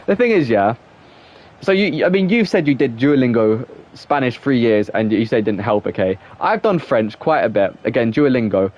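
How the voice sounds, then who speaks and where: A man's voice: medium pitch, lively intonation, normal speed, darkish tone. A young man with an English accent chatting casually while playing a football game on a live stream, rambling and reacting to the match. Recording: dull, muffled sound.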